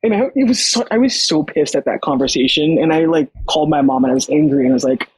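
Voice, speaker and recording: A young woman guest on a podcast, telling her story casually, animated and full of fillers and quoted dialogue. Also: sits low, fast, husky, dry recording, rough recording.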